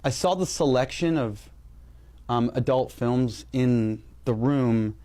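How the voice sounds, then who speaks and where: A guest comedian playing a sketch completely straight-faced, deliberate and absurd. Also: male voice, medium pitch, dark tone.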